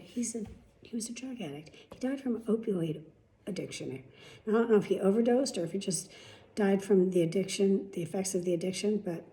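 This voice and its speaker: A woman's voice: mid-range voice, mellow, slight background noise. A middle-aged woman chatting casually and rambling through stories, often swearing. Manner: chatty, profane, rambling storyteller. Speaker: vlog host. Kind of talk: casual chat.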